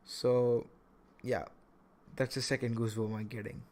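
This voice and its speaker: A young man hosting a casual podcast, talking in an animated way with many stammered restarts. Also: medium pitch, a little slow. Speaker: podcast host.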